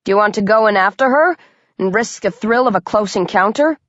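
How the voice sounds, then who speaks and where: A woman voicing an American male hunter, calm and cocky, with a cool drawl. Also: mid-range voice, fairly quick, no echo, lo-fi sound, lightly acted.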